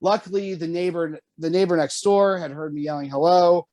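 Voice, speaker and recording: A man telling a story on a casual podcast, animated and swearing often, jumping high when quoting himself. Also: normal speed, dry recording. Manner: animated, swears often, jumps to high pitch for quoted lines. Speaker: podcast co-host.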